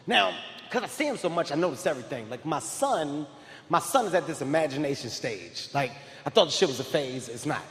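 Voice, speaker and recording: A man doing stand-up comedy, telling stories in a loud, animated way and often shouting. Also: a little high. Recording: live hall reverb, faint crowd ambience.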